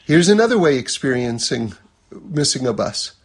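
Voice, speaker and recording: Male religious teacher, high husky voice, relaxed conversational lecturing with everyday examples. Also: measured pace.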